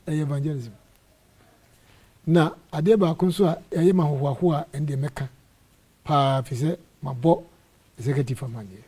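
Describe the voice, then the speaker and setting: Husky-voiced Ghanaian pastor telling stories. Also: male voice, on the high side, fairly quick, pauses often. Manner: animated, acts out dialogue in stories. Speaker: apostle and church area head. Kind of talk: storytelling interview testimony.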